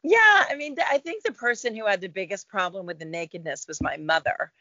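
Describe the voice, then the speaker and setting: A middle-aged woman, a guest actor, talking in a relaxed, reflective interview about her career. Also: mid-range voice, brisk, dry recording, dull audio. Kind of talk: casual interview chat.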